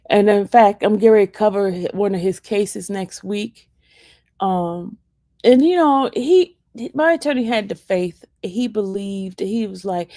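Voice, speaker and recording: A woman's voice: medium pitch, a little mellow, no room sound, studio quality. A woman giving a casual, fervent testimony to her viewers, emphatic and repeating her phrases for emphasis. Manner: fervent, praising. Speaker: vlogger sharing a faith testimony.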